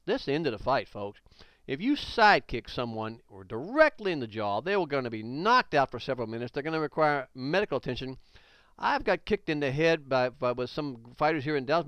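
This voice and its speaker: A man's voice: on the high side, fairly bright tone, clean tone, no echo. A man narrating a karate instruction video, blunt and emphatic, repeating warnings and punctuating with exclamations.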